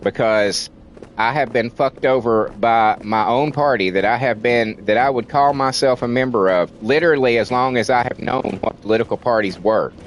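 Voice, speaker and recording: A man's voice: mid-range voice, moderate pace, a little hiss or hum. A man from the United States, a livestreamer ranting in a heated, profane way and repeating words for emphasis. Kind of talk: casual ranting commentary on stream.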